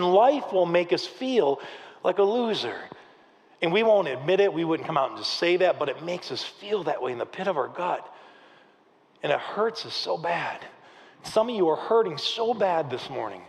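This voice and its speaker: A middle-aged man preaching a sermon, telling a story with lively, acted-out quotes. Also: high-pitched, a little fast. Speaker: pastor. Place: large church hall. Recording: long reverb of a large hall.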